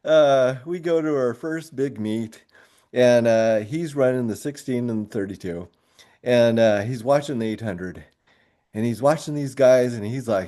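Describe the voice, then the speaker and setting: Mellow-voiced coach telling a story. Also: male voice, mid-range voice, a little slow. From grew up moving around as a military kid. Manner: animated storyteller who laughs often through his tale. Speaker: high school track coach and teacher. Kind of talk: storytelling in a podcast interview.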